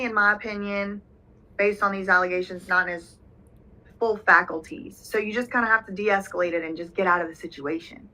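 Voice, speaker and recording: A woman's voice: mid-range voice, moderate pace, pushed and bright, poor audio. A woman hosting a reaction video, casually reading a document aloud and commenting on it with lots of fillers. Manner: conversational, reads documents aloud with frequent fillers. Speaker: reaction channel host.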